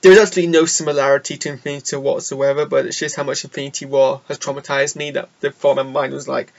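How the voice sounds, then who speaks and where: A man's voice: medium pitch, level tone, fast, gravelly, hardly any pauses, muffled recording. A young man casually rambling through his thoughts on a film, chatty and self-deprecating. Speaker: film reviewer. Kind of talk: casual solo film review. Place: indoor room.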